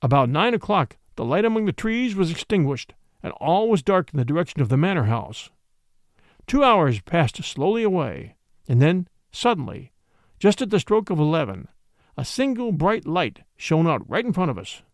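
A man's voice: on the high side, big pitch swings, moderate pace, no echo, clean studio sound. Man reading a classic mystery aloud. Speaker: narrator. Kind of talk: audiobook reading of a classic detective story.

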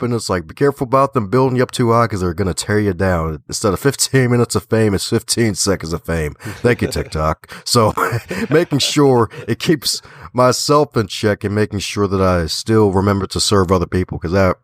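A man from the Baltimore area, an author and podcaster, telling stories in a lively, folksy way during a remote interview. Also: on the low side, normal speed, dry recording, clean studio sound. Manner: animated storyteller, folksy phrasing, laughs often. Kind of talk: casual conversational interview.

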